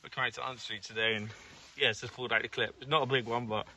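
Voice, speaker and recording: A man's voice: mid-range voice, fairly even intonation, fast talker, sharp tone, slight background noise. A man speaking earnestly to camera as an angler, sharing a heartfelt message after a catch. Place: fishing bank outdoors.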